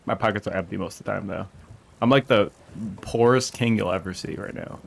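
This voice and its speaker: Gravelly joking game streamer man. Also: fairly low pitch, brisk. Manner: joking, laughs often, talks to his game characters. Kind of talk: casual gameplay commentary.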